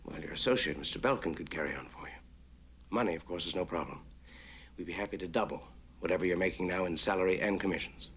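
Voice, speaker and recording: A courteous yet condescending executive, speaking in a somewhat low voice with measured politeness. A faint noise sits under the film audio. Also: male voice, fairly bright tone. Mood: persuasive. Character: smooth corporate male executive, polite and condescending. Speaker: company executive.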